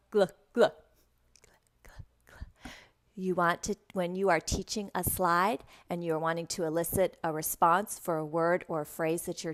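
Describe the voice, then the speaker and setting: A woman who teaches English online, explaining how to present lesson slides and modeling words slowly and clearly for young learners. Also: fairly low pitch. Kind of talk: instructional talk with classroom demonstrations.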